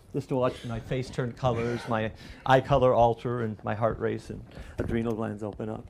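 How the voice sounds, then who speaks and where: A middle-aged man delivers a sermon from the pulpit. His voice climbs and grows loud whenever he runs through a list or acts out a quote, then drops back to a quiet, conversational tone. There is a faint hiss of noise under the recording. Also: medium pitch, vocal fry. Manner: animated preaching, rising loud on lists and quotes. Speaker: pastor.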